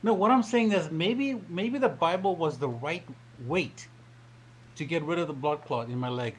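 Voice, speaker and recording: Deadpan, joking male caller with a somewhat high voice and faint noise. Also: moderate pace. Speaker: caller joining a live stream. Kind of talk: casual chat.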